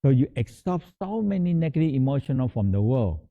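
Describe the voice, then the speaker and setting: A man guiding a meditation practice in a halting, repetitive teaching manner, often restating words as he explains. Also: mid-range voice, sing-song. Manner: halting, repeats words, slow explanatory phrasing. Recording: tinny phone-like sound.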